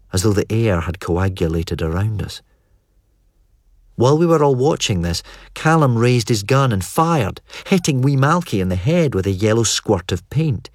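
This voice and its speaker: Low, lively male narrator. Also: husky, dry recording, studio quality. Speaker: audiobook narrator. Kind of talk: scripted narration.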